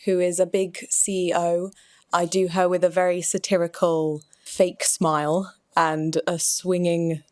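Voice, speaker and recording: A woman's voice: lowish voice, a little mellow, no echo, studio quality. A woman in her twenties, a stage actor, chattily describing herself and her roles for an audio introduction, hedging often with "sort of". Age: 20s.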